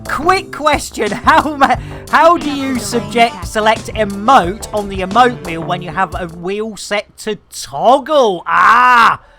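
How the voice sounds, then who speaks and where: A woman chatting casually on a game live stream, greeting and thanking viewers with lively exclamations. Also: medium pitch, slow, few pauses, over music.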